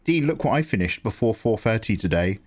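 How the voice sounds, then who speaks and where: An adult man hosts a live drawing stream, chatting casually and teasing viewers as he answers the chat. His voice is expressive, a little fast, and darkish in tone, and it jumps up in pitch when he greets viewers.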